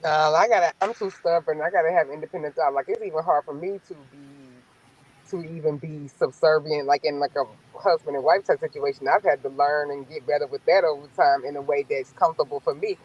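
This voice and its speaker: A woman with a Southern US accent, telling stories in a sassy, blunt, animated way during a casual chat. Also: low voice, a little fast, lo-fi sound. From American South.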